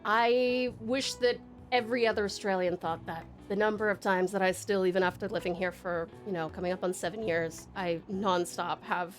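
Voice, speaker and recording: A woman's voice: mid-range voice, steady tone, moderate pace, hardly any pauses, soft background music. A woman streamer and voice actor in casual live-stream chat, rambling with many ums as she reads viewer messages aloud from home.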